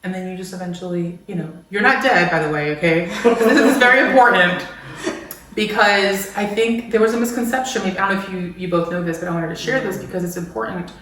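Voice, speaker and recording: Woman guest, warm-spirited storyteller, slightly distant mic with heavy room echo and faint background noise. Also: mid-range voice, a little fast. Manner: animated storyteller who acts out quotes with laughter. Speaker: guest, sound bath practitioner and business coach. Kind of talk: casual conversation.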